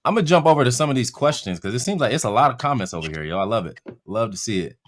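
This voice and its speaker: A man's voice: medium pitch, animated, very fast. A man hosting a live Q and A, upbeat and chatty, plugging a course and reading out viewers' questions. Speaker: host of a live Q and A.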